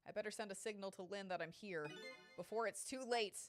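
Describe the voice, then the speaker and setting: A woman voicing a deadpan amnesiac male ghost who muses to himself in a low voice. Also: brisk, over music, lightly acted. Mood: musing. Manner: low, musing inner monologue.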